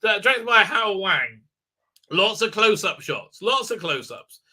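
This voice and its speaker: A man's voice: high-pitched, sing-song, unhurried, bright, forceful tone, husky. A man hosting a livestream review, talking in a sarcastic, rambling way with lots of fillers and tag questions. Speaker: host, reviewer.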